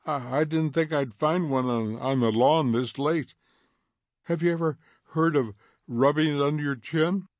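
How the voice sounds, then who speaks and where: A man voicing a curious, gently odd teenage girl who talks softly and stumbles over her words. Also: on the high side, measured pace, no echo, studio quality. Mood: wondering.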